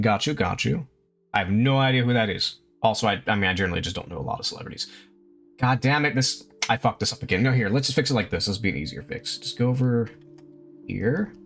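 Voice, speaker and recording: A man's voice: on the low side, gravelly, a bit bright. Rambling male streamer, laughing and swearing. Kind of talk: casual live-stream chat while drawing.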